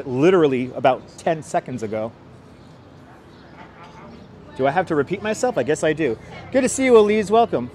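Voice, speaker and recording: A man from New York walks a city tour and greets his live stream viewers by name in an easy, chatty way. His voice sits a little high for a man. He talks into a clip-on mic, with faint city traffic noise behind him. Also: expressive, brisk, darkish tone. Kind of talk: casual live-stream chat. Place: outdoors on city streets by a river. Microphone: wireless clip-on mic.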